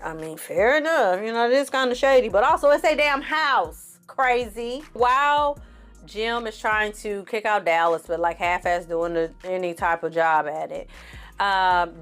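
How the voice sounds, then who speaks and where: Woman, film reviewer, casual recap, sarcastic, profane, mid-pitched voice. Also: a bit bright. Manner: blunt, profane and sarcastic, with exasperated outbursts.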